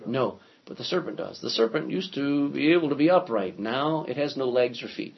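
A man's voice: medium pitch, expressive, normal speed, creaky, breathy edge. A man teaching a Bible study class, reading scripture aloud and putting questions to his listeners. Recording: dull lo-fi sound.

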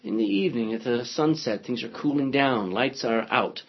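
Husky-voiced man teaching a Bible class. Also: mid-range voice, moderate pace. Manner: reads scripture aloud, asks the class questions. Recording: dull lo-fi sound.

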